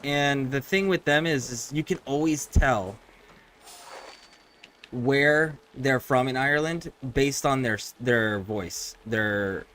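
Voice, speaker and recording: A man's voice: mid-range voice, slow pace, fairly bright tone, a little hiss or hum. A man streaming a video game, talking casually and rambling through his thoughts with frequent restarts. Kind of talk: casual gameplay commentary.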